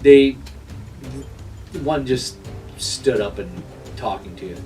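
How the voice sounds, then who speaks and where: A man running a tabletop game as game master, narrating with many pauses and restarts. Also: mid-range voice, far from the mic, over music, poor audio. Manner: hesitant, many fillers and restarts. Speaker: dungeon master.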